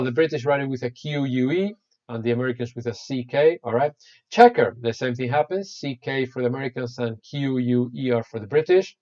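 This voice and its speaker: A man's voice: medium pitch, a little mellow. Chatty male English teacher, dull audio. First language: Spanish. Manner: chatty, encouraging, addresses students by name. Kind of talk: live online English class.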